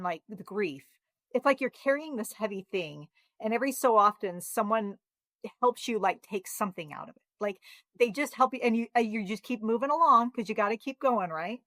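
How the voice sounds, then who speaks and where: A woman hosting a podcast, asking questions and sharing her own reflections in an encouraging, relaxed conversation. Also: medium pitch, no room sound. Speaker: podcast host. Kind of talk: casual interview conversation.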